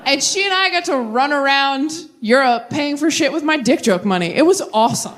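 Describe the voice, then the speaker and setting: A woman's voice: high-pitched, animated, fairly quick. A woman in her thirties doing a stand-up set, telling stories in a punchy, sardonic way. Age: 30s. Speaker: stand-up comedian.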